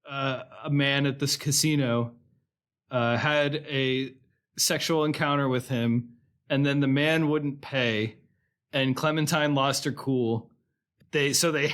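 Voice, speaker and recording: A man co-hosting a podcast, chatting casually about a movie, retelling scenes with animation and frequent laughter. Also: a little high. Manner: animated storytelling, laughing often, acting out quotes. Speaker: podcast co-host. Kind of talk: casual film discussion.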